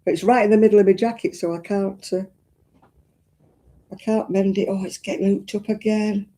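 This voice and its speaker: A woman chats casually through a crafting live stream, greeting viewers and fussing aloud as she works. Her voice is deeply mellow and warm, and her talk is homely and full of exclamations. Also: little pitch movement, moderate pace. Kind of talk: casual live-stream chat while crocheting.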